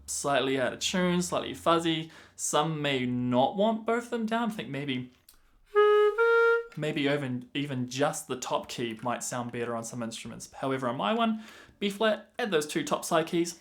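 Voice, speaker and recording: A man teaching the clarinet, patiently explaining fingerings and counting rhythms out loud, with clarinet playing between phrases. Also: a little high, expressive, normal speed. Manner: patient, breaks rhythms down by counting and singing syllables aloud. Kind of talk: instructional explanation.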